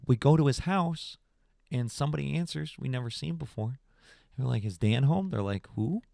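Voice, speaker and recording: A young man hosting a podcast stream, telling stories in a rambling, animated casual chat and calling people "bro". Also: medium pitch, fairly quick, creaky, no echo, clean studio sound. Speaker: podcast host.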